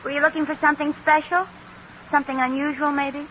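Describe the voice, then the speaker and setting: Brief: actress playing a knowing, teasing wife, high voice, old radio, dull and hissy. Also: female voice, flat delivery, quick pace, close to an everyday voice. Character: wry, teasing sitcom housewife. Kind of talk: 1940s radio acting.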